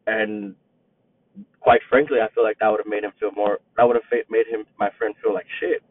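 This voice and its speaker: A man's voice: fairly low pitch, little pitch movement, fairly quick, no room sound. A man in his twenties, a teacher and coach, telling a story in a rambling, reflective way with many restarts. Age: 20s. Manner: rambling, repeats himself, reflective. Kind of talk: casual storytelling monologue. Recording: tinny phone-like line, dry.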